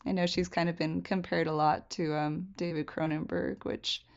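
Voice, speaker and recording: A woman's voice: low-pitched, level tone, normal speed, creaky, highs cut off. A woman co-hosting a film podcast, chatting casually with many fillers and reading from notes. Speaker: podcast co-host.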